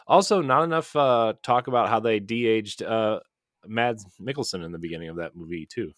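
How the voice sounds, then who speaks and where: Low-voiced man in an enthusiastic podcast chat. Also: normal speed, a bit bright, no echo, studio quality. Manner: enthusiastic, rambling with many fillers and restarts. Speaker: podcast co-host. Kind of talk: casual chat.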